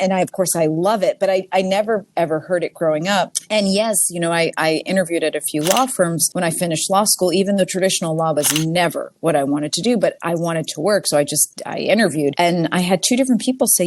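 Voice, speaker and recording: A woman's voice: lowish voice, fairly quick, hardly any pauses, dry recording. A woman in her forties from the US Northeast, a guest in a casual interview, telling chatty stories and acting out what she and others said. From Boston, US Northeast. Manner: chatty storyteller who acts out her own quotes. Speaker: guest, nonprofit CEO.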